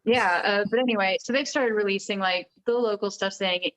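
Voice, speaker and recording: A woman co-hosting a podcast, chatty and self-mocking with quick asides. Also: mid-range voice, a bit bright. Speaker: podcast co-host. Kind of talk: casual chat. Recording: slightly dull lo-fi sound.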